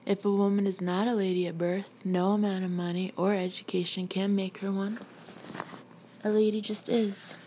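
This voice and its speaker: A prim, genteel mother lectures on how a lady behaves, her voice lifting slightly. A woman reads her in a mellow tone, with a slightly dull sound. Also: mid-range voice, little pitch movement, normal speed, a little hiss or hum, close to an everyday voice. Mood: lecturing. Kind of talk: audiobook character reading.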